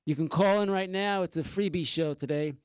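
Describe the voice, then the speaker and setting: A man's voice: sits high, a little fast, clean tone, dry recording, clean studio sound. Chatty man hosting a radio show. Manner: chatty, jokey, reads out call-in number. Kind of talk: casual radio talk.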